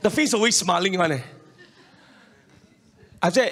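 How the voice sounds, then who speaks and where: A middle-aged man preaches a sermon at a measured pace in a high, slightly bright voice; he's a pastor. His manner is emphatic and repetitive, with frequent calls for the congregation to respond and many chuckles between points.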